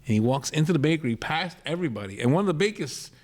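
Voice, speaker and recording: A man's voice: a little high, rapid-fire. A middle-aged man with a Rhode Island accent, telling a long family story as a podcast co-host and stopping often to act out the people in it. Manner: rambling, animated storyteller acting out quoted voices. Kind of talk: storytelling in casual chat.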